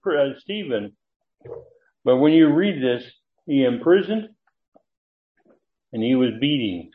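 A man teaching a verse-by-verse Bible study lecture, talking in a halting way with frequent fillers and restarts. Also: medium pitch. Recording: tinny phone-like audio.

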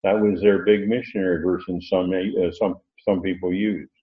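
An older man teaching a Bible study as a preacher, unhurried and halting, with many fillers. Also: deep voice, little pitch movement. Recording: roomy, dull lo-fi sound.

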